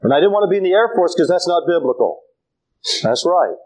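An older man preaching a sermon, animated and folksy, telling stories with humor. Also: high-pitched, a little fast, low-quality recording. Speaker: pastor.

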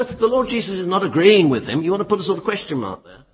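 A man preaching a sermon in an emphatic, lively style with flashes of dry humour. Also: high voice, fast talker, hardly any pauses, slightly rough. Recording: muffled, echoey hall.

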